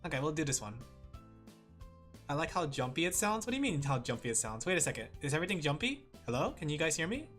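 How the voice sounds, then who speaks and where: Chatting casually with viewers as they draw, a streamer rambles, laughs a lot, and speaks straight to the chat in a fast, mid-range, fairly bright voice with big pitch swings. They use a streaming mic with headphones, and faint music plays behind them.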